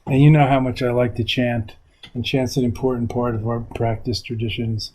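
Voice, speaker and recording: An older man from New York speaks as a guest teacher, wandering through his thoughts in a loose, reflective ramble. His voice sits at an ordinary middle pitch. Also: level tone, moderate pace, a little mellow, rough recording. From New York, USA. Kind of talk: reflective conversation. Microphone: video call.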